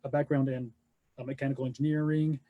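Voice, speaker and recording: A man co-hosting a casual live webcast, talking haltingly with many restarts. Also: medium pitch, little pitch movement, no room sound, narrow, tinny audio. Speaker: co-host.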